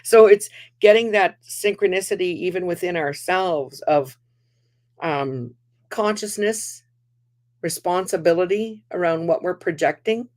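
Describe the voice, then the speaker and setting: A woman hosting a community talk, telling lively personal stories and acting out the voices of the people in them. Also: fairly low pitch, a little slow. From Canada. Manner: animated, laughing, acts out quoted voices. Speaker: host.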